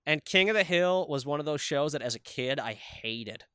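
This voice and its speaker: A man co-hosting a podcast, chatting casually with animated, teasing remarks and casual swearing. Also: on the high side, moderate pace, smooth, dry recording, studio quality. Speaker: podcast co-host. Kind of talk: casual chat.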